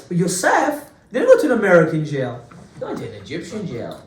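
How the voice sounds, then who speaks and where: A man's voice: fast, far from the mic. Man teaching Torah in an echoey room. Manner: animated storytelling, big swings of pitch and loudness; talks to class, asides to listeners. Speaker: rabbi teaching a Torah class. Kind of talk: informal Torah lesson.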